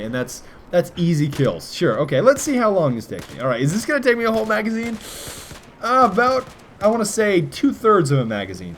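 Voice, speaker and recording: A man's voice: fairly high pitch, slight background noise. A young man giving jokey gameplay commentary for a video game, often breaking into silly voices. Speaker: gaming commentator.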